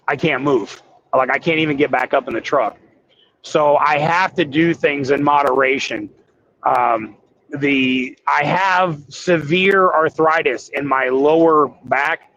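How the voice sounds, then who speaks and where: A man's voice: fairly high pitch, fairly bright tone, lo-fi sound, a little hiss or hum. A man who drives trucks, talking candidly and hesitantly with viewers on a livestream from his cab. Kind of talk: casual livestream chat while driving.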